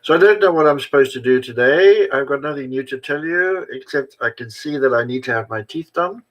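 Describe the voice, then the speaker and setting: A man's voice: mid-range voice, expressive, fairly quick, poor audio. An older man talking casually to camera, self-mocking and chatty, drifting from one thought to the next. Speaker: vlogger. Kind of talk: rambling casual monologue.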